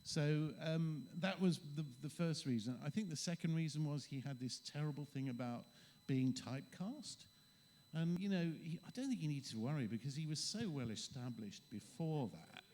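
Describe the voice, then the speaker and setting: A man's voice: fairly high pitch, animated, normal speed, a little mellow. A man talking casually on a convention panel, reminiscing and hesitating with restarts. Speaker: convention panel guest, actor. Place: convention hall stage.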